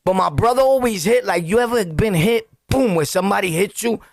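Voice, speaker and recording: A man's voice: high voice, brisk, vocal fry, no room sound. A middle-aged man from Brooklyn with a New York accent, telling street stories to the camera in slang, acting out scenes with yelps and sound effects. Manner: slangy, laughing, talks straight to viewers. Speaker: storytelling vlogger. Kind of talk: animated street storytelling.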